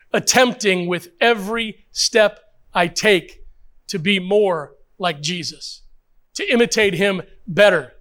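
A man's voice: high voice, fairly bright tone. An older man, a pastor, preaching a sermon with emphatic rhetorical questions and repetition.

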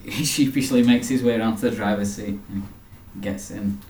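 Man, tabletop player, relaxed narration, echoey room, faint hiss. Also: lowish voice, moderate pace. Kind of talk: casual tabletop game narration.

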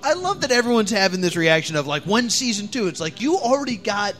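A young man hosts a podcast in a high, very lively voice that swings up and down. He is playful, steering the chat and tossing questions to his co-hosts. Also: quick pace, soft background music. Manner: playful, leads the segment and asks the questions. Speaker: podcast host.

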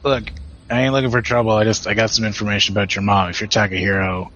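A tough female orc, played by a man at a gaming table, who talks plainly and stumbles over apologies. The voice sits low with a bright, forceful edge. The audio is dull and lo-fi. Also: flat delivery, lightly acted. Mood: earnest. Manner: plain-spoken, halting, apologetic.

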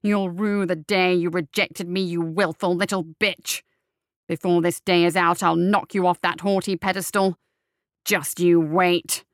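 A woman voicing a foul little man who courts a flower girl with slow, smooth words and snarls when crossed. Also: lowish voice, steady tone, a little mellow, no echo, clean studio sound. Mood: snarling rage. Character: oily, menacing little man, a suitor.

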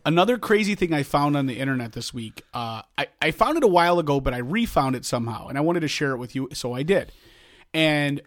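A middle-aged podcast co-host tells stories in a casual chat, rambling and restarting often. He talks fast in a fairly high, expressive voice, with soft music playing in the background.

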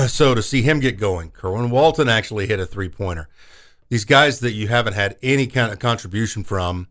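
A man co-hosting a sports talk radio show, recapping a game in a relaxed way. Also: fairly low pitch, brisk.

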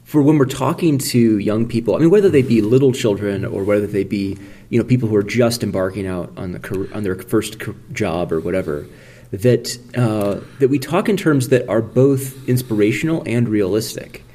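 A man's voice: lowish voice, moderate pace, warm tone. Male podcast co-host, reflective, hedging, conversational. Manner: thoughtful, hedging, many restarts and "right?" checks. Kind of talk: casual conversational podcast talk.

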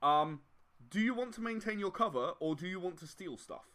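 Lively, animated male game master. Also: sits high, brisk, a little hiss or hum. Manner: rambling, chuckling, many fillers. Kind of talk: narrating a tabletop game.

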